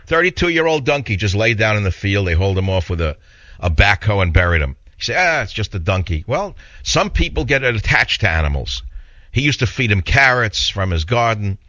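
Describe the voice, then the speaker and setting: A man's voice: lowish voice, sing-song, a little fast, pushed and bright, no echo. A man hosting a radio talk show, telling stories in a rambling, indignant way and taking calls. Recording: dull lo-fi radio broadcast.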